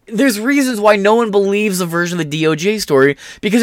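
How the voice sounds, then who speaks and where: A man's voice: high voice, brisk, few pauses, no echo, clean studio sound. A young man talking through a casual commentary vlog, sarcastic and mocking, swearing freely. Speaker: political commentator.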